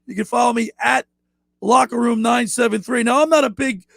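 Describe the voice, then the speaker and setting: A man hosting a sports radio show in a studio, chatting excitedly with his co-host. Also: very high-pitched, fairly quick, gravelly, dry recording. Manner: excitable, animated storyteller. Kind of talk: casual sports radio chat.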